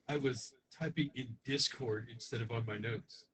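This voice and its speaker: A man's voice: mid-range voice, a bit bright, slight background noise, poor audio. A man playing in a tabletop game, talking casually and poking fun at himself. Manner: casual, self-deprecating. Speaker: player.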